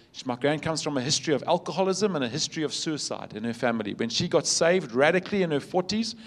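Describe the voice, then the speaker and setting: A pastor delivering a sermon in a fairly high male voice. He tells stories earnestly and leans on repetition for emphasis. He moves between loud, stressed lines and hushed, tender ones. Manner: swings from loud emphasis to soft, quiet passages.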